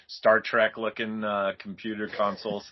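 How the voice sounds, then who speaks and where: A man co-hosting a casual comic book podcast, relaxed and agreeable, often laughing. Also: lowish voice, moderate pace. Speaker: podcast co-host. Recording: dull, lo-fi podcast audio.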